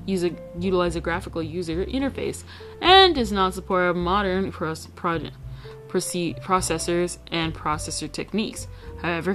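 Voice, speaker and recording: A woman's voice: on the low side, fairly bright tone. Woman reading a textbook, stumbling often. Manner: stumbling over words and correcting herself. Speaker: streamer. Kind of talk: reading a textbook aloud on stream. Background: faint guitar music.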